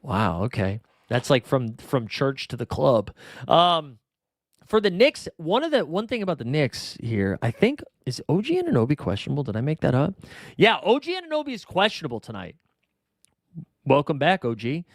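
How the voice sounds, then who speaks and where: A man's voice: on the high side, huge pitch swings, normal speed, no room sound, clean studio sound. A young man hosting a fantasy sports livestream in casual chat, rambling and swearing as he drifts into tangents. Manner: rambling, profane, goes off on tangents. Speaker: fantasy sports show host.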